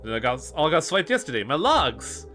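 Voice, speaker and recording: A man's voice: on the high side, big pitch swings, moderate pace, sharp tone, faint music behind, voice pushed up. A man voicing a superstitious townsperson in a game, rambling in a folksy, grumbling way.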